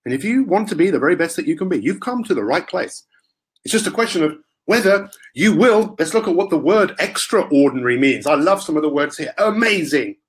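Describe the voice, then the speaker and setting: A man giving an energetic, playful motivational talk as a coach, with theatrical chants and asides. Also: high-pitched.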